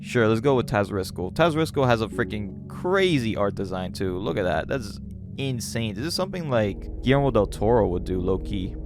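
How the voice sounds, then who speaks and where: A man casually narrating a story aloud, with relaxed chatty asides. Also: fairly low pitch, normal speed, over music. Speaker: channel host. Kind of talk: casual story read-along with commentary.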